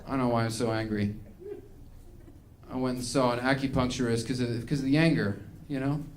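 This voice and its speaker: A man's voice: mid-range voice, steady tone, fairly quick, slight background noise. A male stand-up comedian performing a set on stage, ranting in a mock-angry way.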